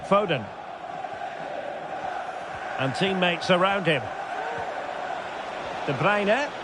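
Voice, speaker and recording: A man giving scripted football commentary in a video game, brisk short calls that rise at big chances. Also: sits high, lively intonation, full character voice. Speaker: play-by-play commentator. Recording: loud game crowd noise behind.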